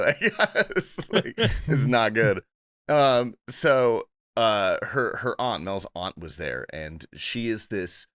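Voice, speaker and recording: A man hosting a podcast, telling a story in animated, laughing, profane casual chat. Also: on the low side, a little slow, no echo, clean studio sound. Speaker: podcast host.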